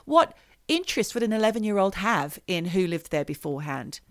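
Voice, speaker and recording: A woman's voice: medium pitch, brisk, no room sound, clean studio sound. Woman telling a story animatedly. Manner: animated storyteller, mimics voices. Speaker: podcast co-host. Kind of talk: casual storytelling chat.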